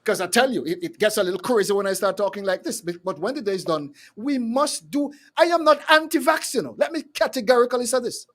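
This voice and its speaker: A man's voice: sits high, quick pace, few pauses, a bit bright. A man hosting a live call-in show, talking with fiery passion and stumbling over repeated words. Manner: fiery, repetitive, stumbling restarts. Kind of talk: impassioned call-in commentary.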